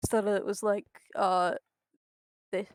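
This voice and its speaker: A woman's voice: mid-range voice, little pitch movement, unhurried, smooth, no echo. A young woman streaming a building game, thinking aloud in a hesitant way and chatting to her viewers. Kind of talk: casual commentary while playing a building game.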